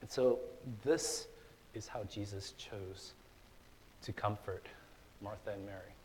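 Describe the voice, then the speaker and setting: A young man preaching a sermon in a church, conversational and relaxed, with fillers and restarts, rising to loud, emphatic stretches. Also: lowish voice, takes it slowly, a little hiss or hum, low-quality recording. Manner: casual, conversational preaching with fillers and repeated starts; builds to loud, emphatic passages. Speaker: pastor. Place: church hall.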